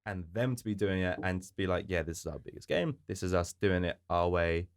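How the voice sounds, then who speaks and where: A man's voice: low-pitched, brisk, clean tone. A man co-hosting a podcast, chatting casually and enthusiastically, swearing now and then. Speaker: podcast co-host. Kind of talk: casual chat.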